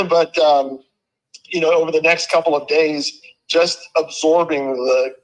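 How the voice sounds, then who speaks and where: Halting, earnest retired cop. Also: male voice, on the high side, steady tone, muffled recording. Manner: halting, earnest, restarts sentences often. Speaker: retired police officer guest. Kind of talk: casual talk show conversation.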